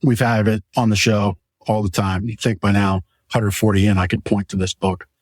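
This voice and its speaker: A mattress store owner hosts a casual podcast from his own showroom, chatting about products in a rambling, enthusiastic sales style. His voice is on the low side with little pitch movement, his pace moderate, and there's no room sound.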